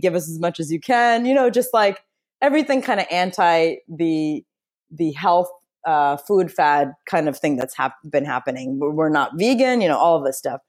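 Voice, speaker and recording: Low-voiced woman telling her story. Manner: chatty and expressive, frequent fillers and restarts. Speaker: interview guest. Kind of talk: casual storytelling in a conversation.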